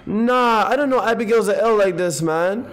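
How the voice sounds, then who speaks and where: A man of Ethiopian background giving casual gaming commentary in animated, excitable, slangy banter, tired and half awake. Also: sits high, normal speed. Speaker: game streamer. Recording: voice over game audio and faint music.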